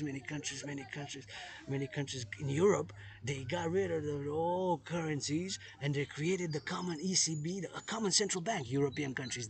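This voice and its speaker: Man, fairly high voice, emphatic, loops the same phrases, outdoor vlog. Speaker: vlogger. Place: outdoors in a public place at sunset.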